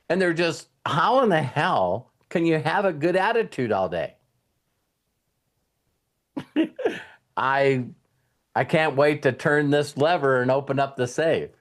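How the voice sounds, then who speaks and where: A middle-aged man, host of a coaching show, telling a personal story in a casual motivational talk and acting out his younger self's words. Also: a little high. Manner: storytelling, acts out his younger self in quotes.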